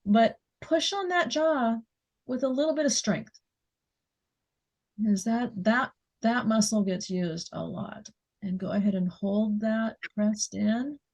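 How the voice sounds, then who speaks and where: A woman leading a guided muscle relaxation exercise, giving gentle step-by-step instructions and counting down. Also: a little high. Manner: slow, soothing instructions with soft laughs.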